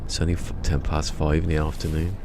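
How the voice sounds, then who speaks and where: A man's voice: extremely low pitch, flat delivery, fairly quick. A tired man chatting casually to his live-stream audience while he plays, rambling and talking to himself. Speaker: game streamer. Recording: noisy stream audio.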